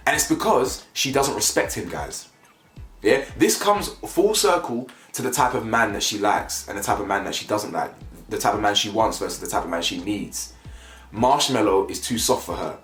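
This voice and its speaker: A man's voice: mid-range voice, normal speed. Opinionated man. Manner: animated, opinionated, repeats phrases, frequent "you know what I'm saying". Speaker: reality TV reviewer. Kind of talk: casual opinionated commentary. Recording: echoey room with faint music.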